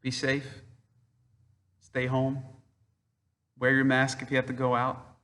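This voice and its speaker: Earnest guy giving a slow spiritual reflection, bright voice, lots of reverb. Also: mid-range voice, completely flat delivery. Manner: measured, earnest, with slow emphatic pauses. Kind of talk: spoken reflection.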